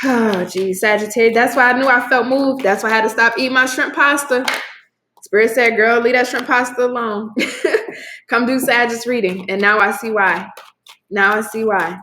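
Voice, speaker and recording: A woman's voice: fairly high pitch, fairly even intonation, moderate pace, pushed and bright, slight background noise. A woman giving a casual tarot reading to camera, effusive and swearing freely as she talks straight to her viewers. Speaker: tarot reader. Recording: echoey room.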